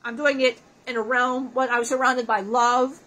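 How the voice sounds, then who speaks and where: Spirit of a crude, wisecracking dead man, channeled by a woman; high, profane, self-mocking. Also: steady tone, normal speed, a bit bright, low-quality recording. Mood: brash joking.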